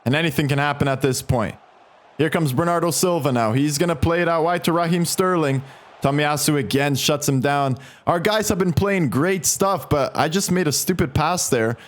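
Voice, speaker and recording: Excitable high-voiced young gaming commentator. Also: male voice, moderate pace. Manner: excitable, swings between calm narration and frustrated outbursts. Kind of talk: live video game play-by-play commentary.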